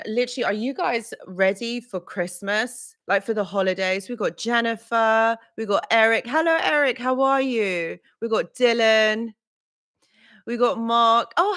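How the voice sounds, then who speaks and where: A woman's voice: fairly high pitch, a bit bright. A woman hosting a casual live stream as a relationship coach, flustered and effusive, greeting viewers by name.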